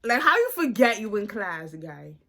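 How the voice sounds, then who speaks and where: A woman's voice: medium pitch, moderate pace. Slangy young woman telling a story. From United States. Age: 20s. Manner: animated, slangy, lots of "like". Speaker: vlogger. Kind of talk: casual storytime vlog. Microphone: phone camera.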